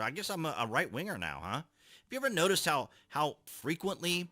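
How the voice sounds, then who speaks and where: A man's voice: medium pitch, sing-song, fast talker, sharp tone, dry recording. A man giving casual political commentary, reading out articles and reacting with sarcastic rhetorical questions.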